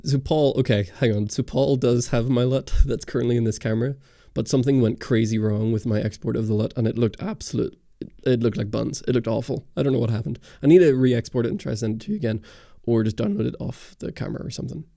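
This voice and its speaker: Hardly pausing, a Northern Irish-accented man from Northern Ireland races through answers to viewer chat as host of a casual YouTube livestream. His voice is medium-pitched, gravelly and dark, recorded on a close studio mic with no room sound.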